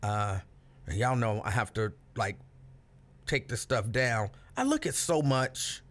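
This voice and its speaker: A man hosting a live stream, chatting with viewers and telling a story in an animated, casual way. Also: mid-range voice, a little slow. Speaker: livestream host.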